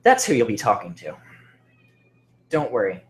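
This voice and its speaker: Man narrating a hushed horror story. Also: lowish voice, wildly swooping pitch, normal speed. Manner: dramatic, sinking often to a hushed near-whisper.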